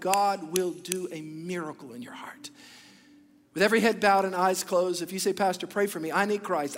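High-voiced preacher in a reverberant hall. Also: male voice. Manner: fervent, rising to shouts; repeats short declarations. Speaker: pastor. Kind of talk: sermon.

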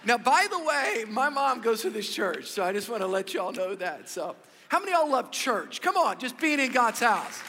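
A high, bright male voice preaching in an energetic, joking way, often repeating words as he restarts. His sermon rings with a long reverb through a large church hall. He addresses the congregation directly. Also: normal speed, few pauses, a faint crowd, a little hiss or hum. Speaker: pastor.

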